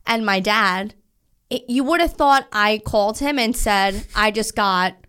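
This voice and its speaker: A woman's voice: mid-range voice, measured pace, bright, forceful tone, clean tone. A woman co-hosting a podcast, chatting casually and telling a rambling story full of swearing and restarts. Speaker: podcast co-host. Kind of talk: casual chat.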